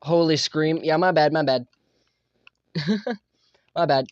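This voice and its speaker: Excitable, swearing young male streamer. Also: a little high, slow, dry recording. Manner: excitable, profane, laughs a lot. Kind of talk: casual game-stream chat. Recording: dull lo-fi mic, dry.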